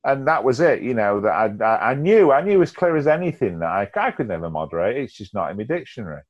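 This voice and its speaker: A man's voice: medium pitch, sing-song, quick pace. A middle-aged man speaking frankly and reflectively in casual conversation. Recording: dull lo-fi sound.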